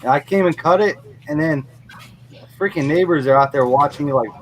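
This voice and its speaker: A man's voice: a little high, fairly quick, slight background noise, low-quality recording. A middle-aged man who runs a lawn mowing business, telling a blunt, profane story in a casual podcast chat.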